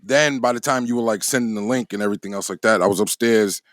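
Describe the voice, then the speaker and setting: A man's voice: fairly low pitch, quick pace, fairly bright tone, no echo, clean studio sound. A man co-hosting a casual podcast chat, talking in a laid-back way and often checking "you know what I'm saying" over a remote call.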